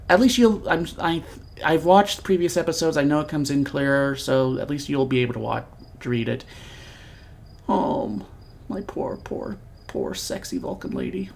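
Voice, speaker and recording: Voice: medium pitch, vocal fry, darkish tone, a little hiss or hum. A let's-play host giving casual, rambling gameplay commentary, chatty and self-deprecating.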